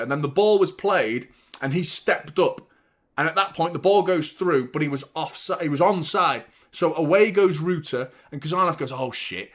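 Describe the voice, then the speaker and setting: Sweary fan-host in his thirties, lively pitch, live match chat. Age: 30s. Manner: excitable, rambling, swears freely. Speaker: football watchalong host.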